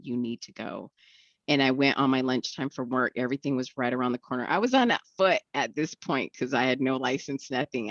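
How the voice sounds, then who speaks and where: Very low-voiced earnest woman. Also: dry recording, muffled recording. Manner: reflective, earnest, acts out quoted voices. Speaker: guest. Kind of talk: candid personal recovery story.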